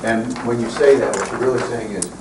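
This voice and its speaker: A man's voice: mid-range voice, steady tone, fairly quick. A man chairing a county board planning meeting, guiding the group through agenda items in a conversational way. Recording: echoey room from far off, loud hum.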